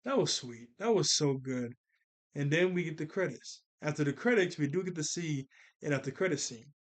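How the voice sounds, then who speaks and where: A man reviewing a cartoon episode in a casual, excited recap, rambling with fillers and laughing as he retells it. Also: on the high side, normal speed. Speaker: show reviewer.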